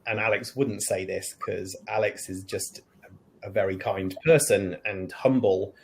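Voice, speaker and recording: A man speaking as a guest on a discussion panel, animated, switching into higher voices to act out lines. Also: a little slow, vocal fry, a little hiss or hum, poor audio. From United Kingdom.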